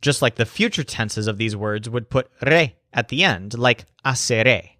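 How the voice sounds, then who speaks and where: A man narrating a scripted language lesson as teacher, slowing down to spell out example phrases. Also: mid-range voice, sharp tone, no room sound, clean studio sound.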